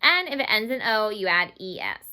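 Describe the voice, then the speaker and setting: Her mid-range voice is sing-song, pushed, and bright as she teaches English grammar to Spanish-speaking children. She takes it slow, patiently repeats words for the students, and mixes in Spanish glosses.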